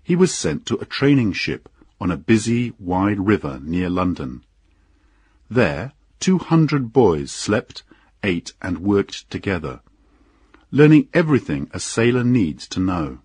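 Raspy guy reading a story slow, lots of ups and downs in his voice. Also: fairly low pitch, no echo. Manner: unhurried, expressive storytelling. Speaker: narrator. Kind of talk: scripted audiobook narration.

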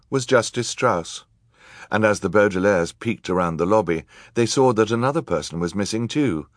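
This is a man narrating an audiobook from a script, his delivery measured and wry. His pitch is fairly low, and the recording is dry and of studio quality.

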